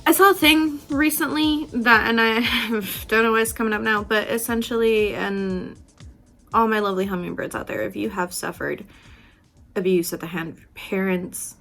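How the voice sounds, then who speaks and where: A woman vlogger talks through self-doubt while doing her makeup, frank and full of swearing, with quick laughs. Her pitch sits in the middle range, and she swings from loud outbursts to soft, gentle passages. Faint music plays under her voice. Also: steady tone, creaky. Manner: candid, profane, laughs often, swings between loud and soft. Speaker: beauty vlogger. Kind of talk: casual motivational talk while doing makeup.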